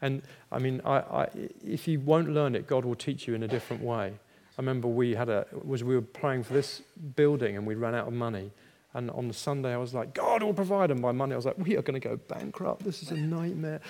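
A man's voice: medium pitch, steady tone, quick pace, few pauses, darkish tone, a little hiss or hum. A middle-aged man preaching a sermon, telling personal stories and acting out the voices in them with self-mocking humour. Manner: storytelling, acts out quoted dialogue, laughs at himself. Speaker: pastor.

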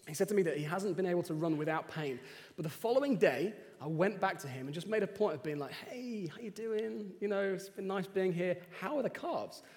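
A man preaches in a chatty, animated storytelling way, and his voice sits a little high. His sermon rings out with long reverb in a church hall. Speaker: pastor. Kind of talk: sermon with personal stories.

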